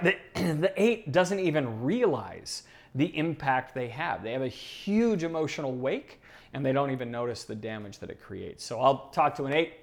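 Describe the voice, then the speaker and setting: Male speaker, fairly high voice, lively storyteller who chuckles through his points. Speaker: speaker on personality types. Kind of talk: animated teaching talk.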